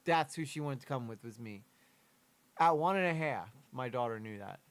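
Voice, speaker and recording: A young streamer's animated, medium-pitched voice moves at a moderate pace while he comments live on a true crime video. He gets candid and emotional about his daughter, with casual swearing throughout.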